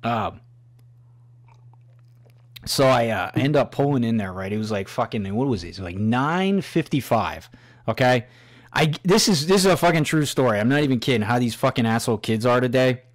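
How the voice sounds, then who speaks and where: A man's voice: medium pitch, animated, moderate pace. Middle-aged male podcast host, profane and rambling, casual storyteller. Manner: profane, storytelling, swears constantly.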